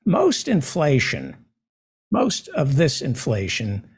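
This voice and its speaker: A man hosting a live talk show, delivering a sarcastic monologue that swings from loud outbursts to muttered asides. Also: mid-range voice, huge pitch swings, slow, husky. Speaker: podcast host. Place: small room overlooking an air shaft.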